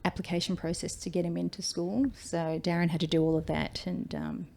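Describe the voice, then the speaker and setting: A woman's voice: lowish voice, flat delivery, a little fast, creaky, darkish tone. A woman in her forties with an Australian accent, a firefighter telling her story in a casual interview, chatty and acting out quoted speech. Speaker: guest, firefighter.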